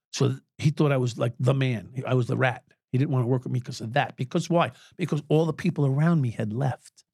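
As a guest in a podcast studio, a retired cop in his sixties speaks in a slightly high, slightly rough voice with a darkish tone. He tells candid stories bluntly, swears freely and chuckles, and the studio-quality recording has no echo.

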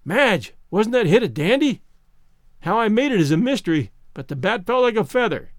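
A man's voice: high-pitched, big pitch swings, normal speed, dry recording, studio quality. Man doing an eager boyish young ballplayer. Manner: eager, pleading.

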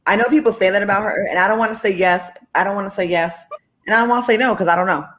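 A woman's voice: medium pitch, rapid-fire, a bit bright. A woman guest on a call-in show, telling stories candidly and laughing often. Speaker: guest, former reality TV cast member. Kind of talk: casual interview chat.

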